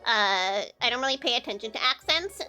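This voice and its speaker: A woman's voice: a little high, expressive, fairly quick, bright, forceful tone, clear, resonant tone, soft background music. A woman from the American Midwest with a Midwestern accent, chatting casually on a live stream and answering viewer comments with lots of fillers.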